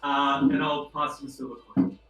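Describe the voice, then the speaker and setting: A man's voice: on the high side, flat delivery, normal speed, fairly bright tone, soft background music. A man playing a tabletop game, hesitantly describing his character's actions. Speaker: player. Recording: echoey room, far from mic.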